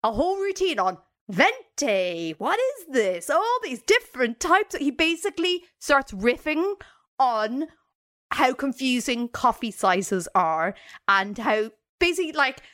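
A woman co-hosting a podcast, retelling a story in casual, animated chat, with frequent fillers and laughter. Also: sits high, unhurried. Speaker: podcast co-host and researcher.

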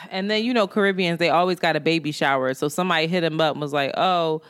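Animated woman telling a dating story. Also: deep voice, fast talker, clear, resonant tone. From New York. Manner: animated, laughing storyteller, quotes people in voices. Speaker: podcast co-host. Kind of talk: casual chat, storytelling.

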